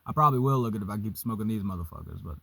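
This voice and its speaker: A young man casually telling a story, profane and animated, vaping as he talks. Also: fairly low pitch, racing, creaky, slightly rough, no room sound. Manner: vaping while talking.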